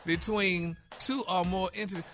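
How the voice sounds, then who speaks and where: Sassy high-voiced man on radio. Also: steady tone, normal speed, fairly bright tone, faint music behind. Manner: sassy, calls people honey. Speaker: gossip and word-of-the-week co-host. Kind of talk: playful radio banter. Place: radio studio.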